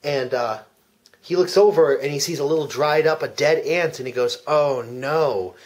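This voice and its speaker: A man with a slightly high voice narrates a made-up film plot as a mock commentary track. He talks with earnest deadpan seriousness and stumbles over his words now and then. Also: normal speed. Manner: earnest storytelling with frequent restarts. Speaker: comedic fake commentary speaker.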